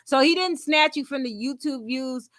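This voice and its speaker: A woman's voice: high voice, normal speed, fairly bright tone, no echo, clean studio sound. A woman giving blunt, profane reaction commentary on a clip, with a brash and mocking way of talking.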